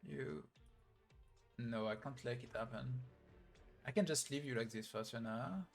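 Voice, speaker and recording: A man reading the lines of a protective young man trying to rescue a friend from a game story, in a flat read-through. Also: mid-range voice, a little slow, faint music behind, natural voice.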